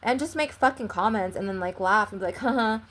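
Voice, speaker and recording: A woman's voice: mid-range voice, expressive, a little fast, a bit bright. A young woman vlogger telling a long personal story in a casual, rambling way, filling it with "like" and frequent swearing.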